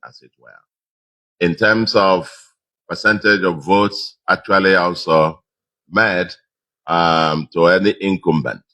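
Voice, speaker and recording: A man's voice: rumbling low, pushed and bright. A man with a Nigerian accent giving a victory speech as a re-elected governor, emphatic and repeating his key phrases.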